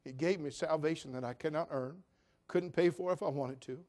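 A man's voice: on the high side, normal speed, a little mellow. Folksy, earnest preacher man. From Cherokee. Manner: folksy, earnest, acts out quoted voices. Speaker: pastor. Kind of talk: sermon with storytelling.

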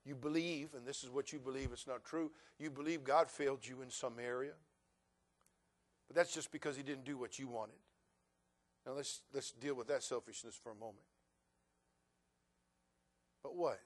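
A middle-aged male pastor preaching a sermon, moving from folksy storytelling to loud, emphatic preaching. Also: mid-range voice, fairly even intonation, normal speed, long pauses.

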